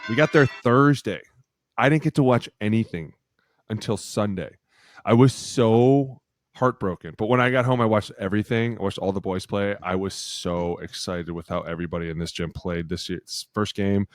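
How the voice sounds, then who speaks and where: A man in his thirties, a former football lineman and podcast co-host, telling stories with excitement, swearing and acting out what people said. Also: on the low side, normal speed, dry recording. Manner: excitable storyteller who swears and acts out quotes. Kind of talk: casual chat.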